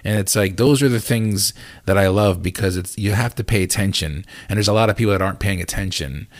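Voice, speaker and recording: Deep-voiced reflective male podcast host. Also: dry recording. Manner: reflective and measured. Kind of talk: conversational interview.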